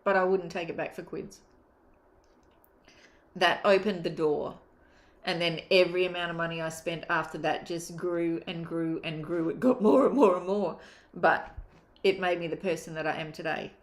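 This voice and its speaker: Aussie woman coach talking money mindset, blunt and emphatic, lowish voice, echoey room. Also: fairly even intonation, normal speed. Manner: candid, emphatic, swears casually. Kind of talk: motivational online course talk. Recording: roomy echo.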